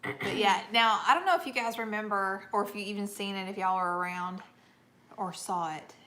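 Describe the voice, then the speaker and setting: A woman's voice: medium pitch, moderate pace, bright, forceful tone. A middle-aged woman from Northeast Georgia with a Georgia accent, hosting a casual livestream and reading viewer comments, chatty and laughing often. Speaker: livestream host.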